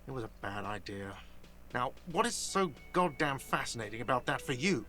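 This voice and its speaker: A whiny, defensive cafe manager. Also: male voice, medium pitch, very animated, moderate pace, pushed and bright, soft background music. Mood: irritated. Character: petty, defensive middle-aged male cafe manager. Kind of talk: video game voice acting.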